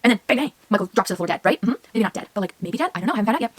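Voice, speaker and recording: A young woman vlogging about her reading in a casual, rambling way, excitable and full of fillers, often dropping to a whisper. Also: mid-range voice, racing, slightly rough. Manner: excitable, rambling, with many filler words and frequent whispering asides. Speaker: book vlogger.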